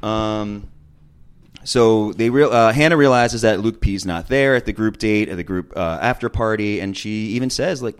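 A man's voice: on the low side, moderate pace, smooth. A man talking casually, recapping a reality dating show with chatty, opinionated asides and frequent ums. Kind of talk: casual chat.

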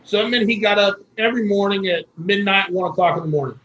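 A man's voice: sits high, fast, a bit bright, echoey room, dull audio. A man from Florida telling a long personal story as an interview guest, folksy and earnest. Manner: folksy and earnest, with quoted dialogue.

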